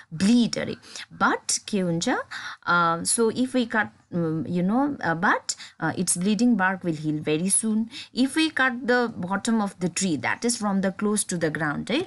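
Nepali-accented woman teaching a poem. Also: mid-range voice. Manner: mixes Nepali and English, checks in with "है?" often; halting, many fillers and restarts. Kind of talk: classroom poem explanation.

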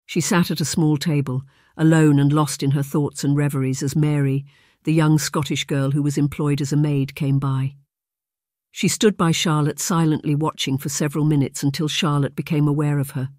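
An audiobook narrator reading a historical romance in a steady, measured storytelling manner. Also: medium pitch, dry recording, clean studio sound.

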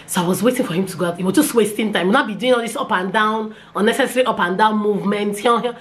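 A young woman with a Nigerian accent telling a personal story in a casual vlog, animated and repeating phrases. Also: fast talker, a little hiss or hum. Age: young adult. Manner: animated, repeats phrases, pitch jumps when excited. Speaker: vlogger.

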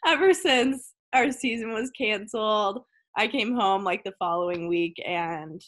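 A woman's voice: mid-range voice, measured pace, a bit bright. A young woman, a college tennis player, chatting casually as an interview guest from home over a video call, filling her talk with "like" and laughing easily. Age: young adult.

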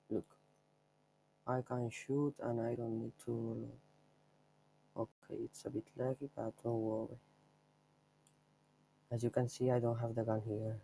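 A man's voice: mid-range voice, little pitch movement, normal speed, gravelly, long pauses, mellow, a little hiss or hum, poor audio. A young man giving offhand, rambling commentary over his own gameplay, showing a trick step by step. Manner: offhand, rambling, chuckles at himself. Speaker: gameplay video maker.

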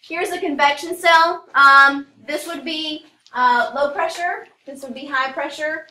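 A woman's voice: high-pitched, fairly even intonation, unhurried, bright, forceful tone. A woman teacher giving a casual classroom lecture, full of fillers and asides. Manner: casual, rambling, many fillers. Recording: echoey classroom from a distance.

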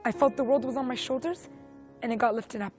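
High-voiced young woman sharing her testimony. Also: brisk, darkish tone, faint music behind. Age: 20s. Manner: earnest, emotional storytelling. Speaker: testimony speaker. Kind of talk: personal faith testimony.

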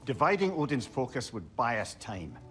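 A wry old storyteller. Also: male voice, medium pitch, very animated, normal speed, a bit bright, roomy sound, soft background music. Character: wry old male adviser, talkative storyteller.

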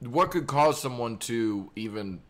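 A man co-hosting a casual live stream, dropping in wry remarks. He speaks slowly and unhurriedly, with a voice that rises and falls freely. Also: mid-range voice, expressive, a crowd in the background. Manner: slow, wry interjections with sighs and laughs.

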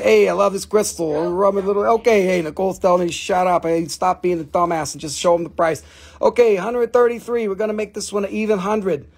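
Brief: high-voiced, husky, wisecracking man hosting a live crystal sale, swears freely. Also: darkish tone. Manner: joking, rambling, cusses a lot. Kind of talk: casual live sales chat.

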